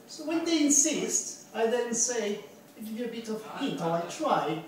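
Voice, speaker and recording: A woman with a French accent doing a deadpan stand-up routine at a bar open mic, asking the audience questions between punchlines. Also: a little high, normal speed. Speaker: stand-up comedian. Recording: echoey bar from far off.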